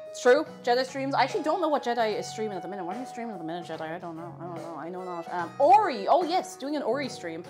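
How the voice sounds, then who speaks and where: A woman streaming live from her home kitchen, chatting casually with viewers while she bakes, chatty and quick to laugh. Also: a little high. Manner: chatty, animated, laughs often.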